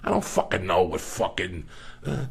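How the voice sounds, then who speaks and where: A man telling stories as a comedian guest in a casual podcast, profane and animated. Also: low voice. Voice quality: gravelly. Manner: profane, animated, rapid-fire.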